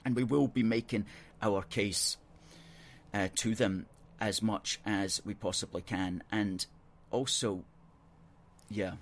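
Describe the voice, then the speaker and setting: A man hosting a political call-in show, arguing his points in a measured, earnest way and reading out viewer comments on a studio microphone. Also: on the low side, fairly even intonation, a little hiss or hum.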